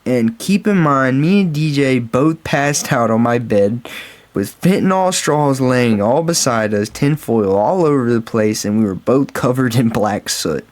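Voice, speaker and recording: A man talks straight to his viewers in a loose, rambling storytime voice at an ordinary middle pitch. He swears constantly and keeps tossing in guys and bro as he goes. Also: lively intonation, measured pace. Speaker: storytime vlogger. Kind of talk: casual storytime monologue.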